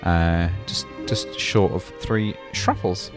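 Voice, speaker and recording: A man's voice: deep voice, steady tone, slow pace, music in the background. A man hosting a comedy podcast in casual chat, rambling through his points with many fillers, restarts and laughs at his own jokes. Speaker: podcast host.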